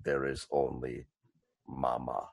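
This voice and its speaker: A man voicing a huge, simple-minded male brute who speaks in broken grammar, slow and menacing. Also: extremely low pitch, little pitch movement, vocal fry, voice pushed down, heavily acted.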